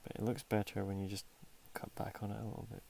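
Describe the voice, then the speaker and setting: A man with a fairly low, creaky, mellow voice talks quickly with little pitch movement while drawing on a stream. He rambles, cuts himself off, and sometimes drops to a near whisper as he chats through his process.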